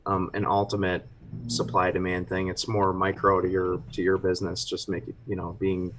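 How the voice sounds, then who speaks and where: A man co-owning a brewery, talking casually on a live stream in a relaxed way with many restarts. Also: low voice, moderate pace, background noise. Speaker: brewery co-owner.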